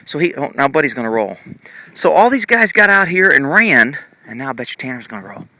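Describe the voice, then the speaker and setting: A man's voice: medium pitch, very animated, fairly quick, sharp tone, no echo. Chatty man filming horses outdoors. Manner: chatty, rambling, fond, with fillers. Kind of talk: casual outdoor commentary. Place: outdoors in a muddy pasture. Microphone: handheld camera.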